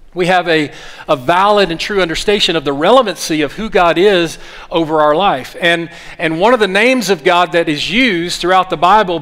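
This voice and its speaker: A man's voice: fairly high pitch, a bit bright. A man preaching a sermon as pastor, earnest and full of restarts, calling on the congregation to repeat after him. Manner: earnest, with frequent fillers and restarts.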